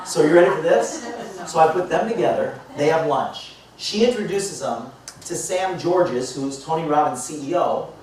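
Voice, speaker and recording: A man speaking as a motivational speaker, telling a story to a live audience and acting out the dialogue in a lively way. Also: on the high side, moderate pace. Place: large indoor hall. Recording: echoey hall picked up from far off.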